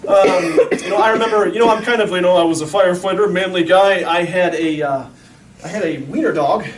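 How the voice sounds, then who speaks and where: A man with a high voice gives an animated talk to an audience of parents and acts out the people in his stories. He is picked up from a distance in a large, echoey room, with faint room noise behind him. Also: brisk. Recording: echoey room, mic far off.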